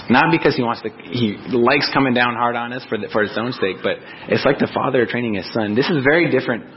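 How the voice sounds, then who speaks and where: A man's voice: medium pitch, muffled recording, slight background noise. A man in his thirties, a pastor preaching a conversational sermon and acting out quoted voices. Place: church sanctuary.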